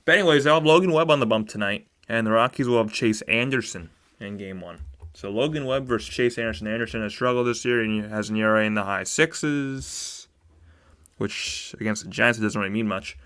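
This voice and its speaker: A young man hosting a live baseball stream, chatting casually with viewers and admitting a sore throat that leaves him a bit monotone. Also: fairly low pitch, a little fast. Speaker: sports stream host.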